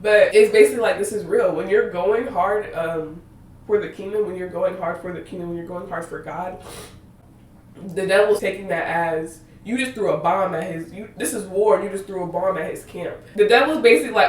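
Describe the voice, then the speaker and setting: A lowish, fairly quick female voice comes from a distance, carrying some hiss or hum and a roomy echo. She's a podcast host in her twenties, rambling and laughing through a casual faith monologue while near tears.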